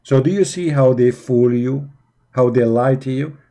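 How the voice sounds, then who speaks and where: Mocking man with a dark voice. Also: medium pitch, measured pace, gravelly. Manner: mocking, emphatic, repeats rhetorical questions. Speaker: religion critic presenting. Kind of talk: commentary on articles.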